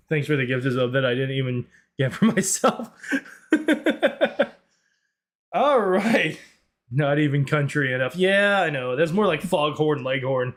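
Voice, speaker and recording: A young man with a Northern Irish accent, chatting on a live stream, rambling off on tangents and laughing often. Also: on the high side. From Northern Ireland. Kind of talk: casual live-stream chat.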